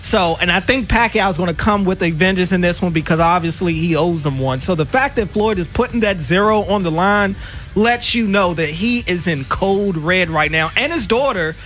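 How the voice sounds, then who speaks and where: A man's voice: sits high, faint music behind. A man with a Baltimore accent co-hosting a sports radio show in casual, emphatic banter from a studio. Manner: animated, emphatic, quick asides.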